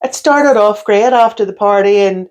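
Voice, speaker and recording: A woman's voice: mid-range voice, moderate pace. A woman in her fifties co-hosting a podcast, chatting casually and giggling between stories. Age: 50s. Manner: chatty, giggly, animated storytelling. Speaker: podcast co-host. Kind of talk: casual chat.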